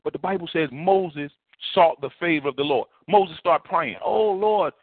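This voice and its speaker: Man, pastor, sermon, animated and conversational, dry close sound. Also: fairly high pitch, normal speed, dry recording. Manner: animated, repetitive, conversational preaching. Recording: tinny phone-like sound.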